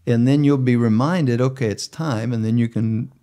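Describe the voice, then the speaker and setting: Measured, gentle-spoken man. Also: mid-range voice, steady tone. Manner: measured, gentle, with frequent filler uh. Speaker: bishop and podcast host. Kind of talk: conversational podcast chat.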